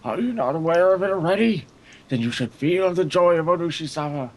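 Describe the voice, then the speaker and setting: A man reading game dialogue aloud while voicing a creepy old male cult leader, slow and drawn out. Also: fairly high pitch, animated, darkish tone, pitched above the performer's own voice. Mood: fervent.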